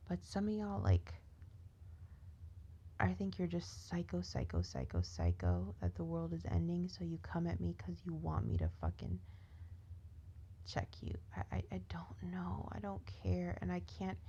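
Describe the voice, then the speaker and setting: A woman's voice: fairly low pitch, sing-song, measured pace, warm tone, muffled recording, slight background noise. A tired woman venting in a rambling, profane rant that often drops to a whisper.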